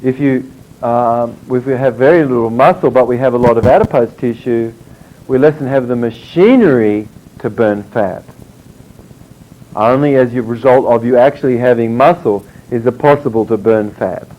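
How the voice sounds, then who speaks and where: A man giving an informal health lecture, rambling and halting with many fillers and restarts. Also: mid-range voice. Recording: dull lo-fi recording with faint background noise.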